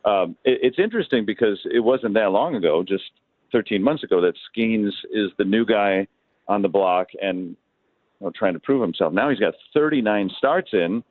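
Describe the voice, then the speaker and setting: A man's voice: lowish voice, animated, normal speed, dry recording. A male baseball announcer from Detroit, chatting as a guest and telling stories with many restarts. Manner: rambling storyteller with many restarts. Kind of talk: casual phone interview storytelling. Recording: thin phone line.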